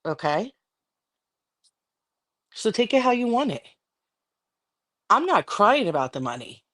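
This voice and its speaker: A woman's voice: medium pitch, sing-song, a little slow, a bit bright. A middle-aged woman on a livestream, ranting angrily and defiantly with constant swearing. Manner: angry, defiant, profane. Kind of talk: heated livestream rant.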